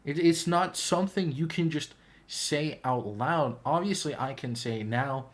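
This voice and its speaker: A man's voice: on the high side, unhurried. A man hosting a reaction video, talking to the camera into a microphone in an earnest, reflective way that often searches for words. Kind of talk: casual earnest reaction talk.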